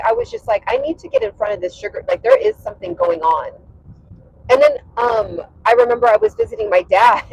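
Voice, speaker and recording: A woman's voice: extremely high pitch, vocal fry, darkish tone, highs cut off. A woman talking casually on a livestream from her parked car, chatty with lots of fillers and laughs. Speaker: fitness and wellness creator.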